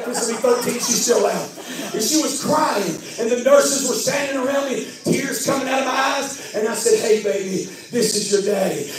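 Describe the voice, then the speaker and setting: High-pitched pastor guy preaching, shouts then goes soft, roomy hall w/ music behind. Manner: preaching with shouts and laughter, swings to soft tender storytelling. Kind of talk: sermon. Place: church hall. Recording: echoey hall with music, from far off.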